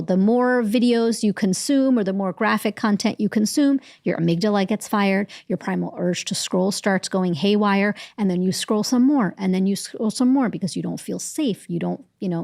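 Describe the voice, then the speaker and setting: A woman who is a medical correspondent and author, explaining the science clearly and calmly in an interview. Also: medium pitch, dry recording, studio quality. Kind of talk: expert interview answers.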